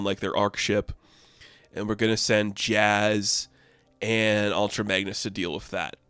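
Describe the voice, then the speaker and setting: A man's voice: on the low side, fairly bright tone, smooth, no room sound, clean studio sound. A man giving a casual, opinionated comic book review, rambling with lots of fillers.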